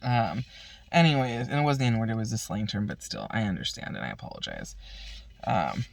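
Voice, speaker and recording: A woman vlogger rambles through a long, casual story, swearing constantly, retelling conversations with "I'm like" and laughing at her own lines. Her voice is very deep and gravelly, fairly quick, with lively intonation.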